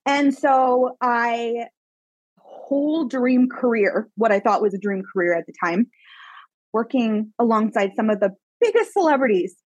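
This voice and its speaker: A woman from Canada, a guest telling her life story in a podcast interview, animated and emphatic, with many casual "like" fillers. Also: a little high, measured pace, no echo, highs cut off. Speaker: guest, psychic medium mentor.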